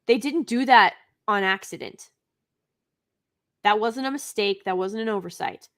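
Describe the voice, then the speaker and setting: A woman's voice: medium pitch, unhurried, a bit bright. A woman hosting a live stream, giving an unscripted review in an indignant, emphatic way, with sighs and restarts.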